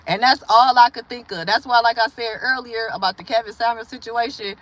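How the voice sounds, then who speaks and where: A woman's voice: on the high side, a little fast, a bit bright. A woman from Milwaukee hosting a casual livestream, rambling through stories and viewer comments, laughing often and acting out the voices she quotes. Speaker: livestream host.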